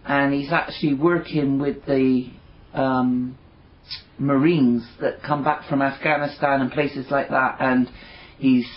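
A man's voice: mid-range voice, fairly even intonation, takes it slowly. A man sharing an earnest, informal devotional talk with his fellowship, rambling with many fillers. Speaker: fellowship member sharing encouragement. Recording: dull lo-fi recording.

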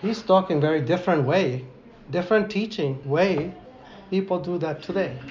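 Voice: medium pitch, moderate pace, a little mellow, lo-fi sound. A Bible teacher speaking informally in a conversation, quoting scripture in old-fashioned wording and speaking English with non-native grammar.

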